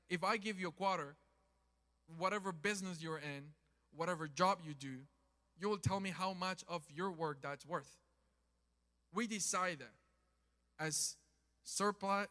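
A man preaching a sermon in a church, impassioned, swinging from loud calls to quiet talk. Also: sits high, long reverb tail. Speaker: pastor. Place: church sanctuary.

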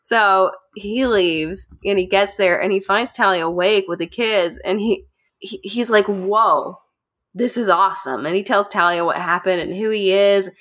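Brief: woman podcast host, mid-pitched, lively storyteller who laughs often. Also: moderate pace. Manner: chatty, animated, laughs often. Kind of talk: casual storytelling to friends.

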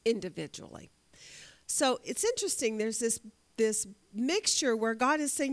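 Her voice a little high and expressive at a normal speed, a woman teaches an interactive Bible study lesson. She poses questions to the class, then answers them herself, often repeating words while thinking aloud.

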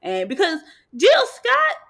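A woman co-hosting a casual chat, animated and rambling. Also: very high voice, slow, gravelly. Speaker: podcast co-host.

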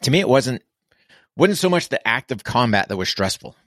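A man's voice: mid-range voice, big pitch swings, a little fast, a bit bright, no room sound, studio quality. A military veteran man speaking candidly as a podcast guest, blunt and earnest. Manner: blunt, earnest, swears casually.

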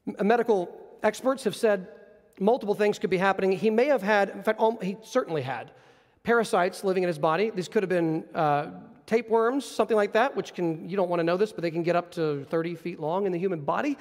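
In a church, a male pastor preaches an earnest, explanatory sermon, often restarting his sentences. His voice sits high and moves fast, and the large hall gives it a long reverb.

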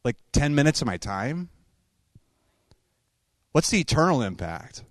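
A male pastor preaching a sermon as a string of lively, conversational stories. His pitch sits in an ordinary middle range, and the sound is dry and close with no room echo. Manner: conversational, animated storytelling with quick asides and laughs. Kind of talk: sermon storytelling.

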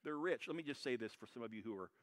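A pastor preaching a sermon, loud and brash, swinging between shouted high points and quiet asides. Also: male voice, expressive, very fast.

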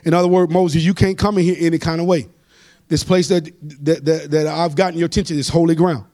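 High-voiced preaching pastor, shouting. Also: male voice, fairly even intonation, fast. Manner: preaching, rising to shouts and sung phrases, calls for amens. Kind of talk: sermon and Bible study.

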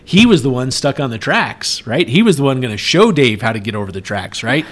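A man's voice: medium pitch, fairly quick. Middle-aged man telling a wild story. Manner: animated, acts out yelled quotes. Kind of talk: casual storytelling chat.

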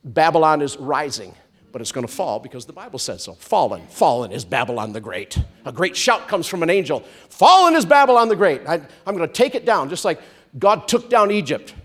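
Animated man preaching a sermon. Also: fairly high pitch, a little fast. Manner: animated, swinging from loud comic outbursts to soft hushed storytelling. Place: church hall with congregation.

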